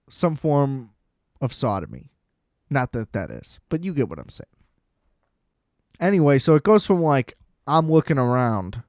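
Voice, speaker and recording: A man's voice: mid-range voice, no echo, clean studio sound. Laughing, self-mocking young man on a podcast. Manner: animated, self-deprecating, acts out quotes with frequent laughs. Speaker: podcast host. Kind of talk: comedic storytelling rant.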